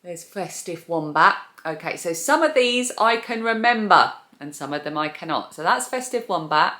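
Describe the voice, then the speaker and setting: Brief: low-pitched woman, rambling yarn-podcast chat in an echoey room. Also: expressive, normal speed, sharp tone. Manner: chatty and scatterbrained, laughing at her own memory. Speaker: crochet and knitting podcaster. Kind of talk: casual chat showing yarn.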